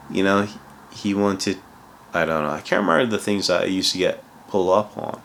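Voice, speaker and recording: A man's voice: low voice, fairly even intonation, fairly quick, a bit bright, slight background noise. A man who moved to England from abroad, a consultant giving casual career advice in a rambling way, full of restarts and "you know". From outside England, moved there.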